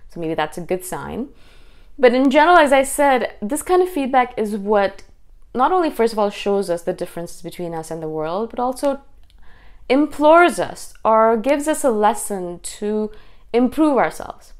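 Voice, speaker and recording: A woman talking fast and intensely as the host of her own video channel, in a casual monologue. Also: a little high. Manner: fast, intense, animated delivery. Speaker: YouTube host.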